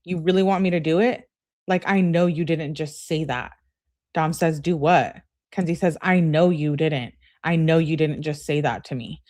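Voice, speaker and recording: Low-voiced woman narrating true crime. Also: darkish tone. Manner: reads messages in a brisk running relay of who-said-what; blunt, conversational asides. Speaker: true crime channel host. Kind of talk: true crime commentary, reading text messages aloud.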